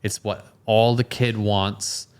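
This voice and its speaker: Dry, low-voiced man. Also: level tone, slow pace, clean tone. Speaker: podcast co-host. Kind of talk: casual chat.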